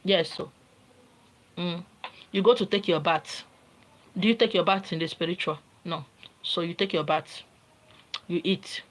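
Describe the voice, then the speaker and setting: A woman's voice: lowish voice, unhurried, long pauses, a little hiss or hum, low-quality recording. A woman with a Nigerian accent giving an informal spiritual teaching, talking in an emphatic, repetitive, lecturing way.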